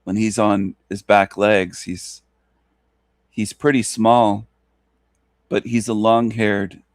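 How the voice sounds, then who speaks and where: Low-pitched guy rambling along slowly, gravelly, kinda mocking, dead dry mic. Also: no echo. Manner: mocking, repetitive. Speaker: show host. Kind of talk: rambling monologue.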